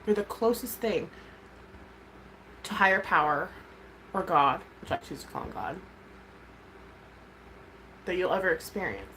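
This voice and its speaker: A woman in her thirties talking candidly to her livestream viewers, rambling from thought to thought and swearing freely. Her voice sits a little low, with a faint hiss of background noise behind it. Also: big pitch swings, normal speed, pauses often, sharp tone, poor audio. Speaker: livestream host, mom. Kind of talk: casual livestream chat.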